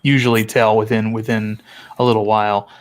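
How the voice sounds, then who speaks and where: A man's voice: on the low side, little pitch movement, brisk. A man joking and teasing others in a casual group chat.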